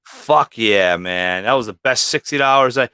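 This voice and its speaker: A man in casual livestream chat, loose and profane, telling stories about his snakes with lots of cursing. He throws himself into acting out quotes. His voice sits at an ordinary pitch and sounds dry and close, with no room around it. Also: moderate pace, clean tone, no room sound. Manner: profane storyteller, acts out quotes loudly. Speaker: livestream guest, snake breeder.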